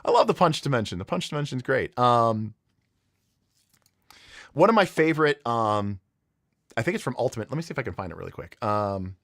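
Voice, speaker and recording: A man's voice: mid-range voice, sing-song, brisk, pauses often, fairly bright tone, dry recording, clean studio sound. A man hosting a livestream, chatting casually and telling a story with lots of fillers and restarts. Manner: rambling, enthusiastic storytelling with many fillers. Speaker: livestream host.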